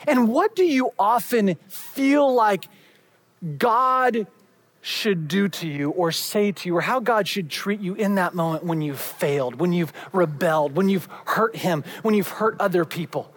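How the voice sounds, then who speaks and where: A preacher delivering a sermon, building up with emphasis and then dropping to hushed, quiet endings. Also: mid-range voice.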